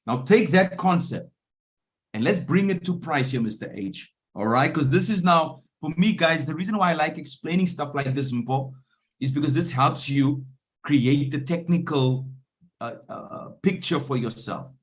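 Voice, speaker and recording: A man coaching a live online trading room, often pausing to ask whether his listeners are following. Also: on the high side, expressive. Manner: keeps checking in with listeners. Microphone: video call.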